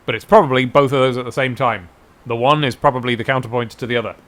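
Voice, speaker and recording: A man chatting while streaming a game, excitable and given to humming and scatting tunes, a bit stuffy from hay fever. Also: medium pitch, fast talker. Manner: chatty, hums and scats tunes, excitable outbursts. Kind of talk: casual let's play commentary.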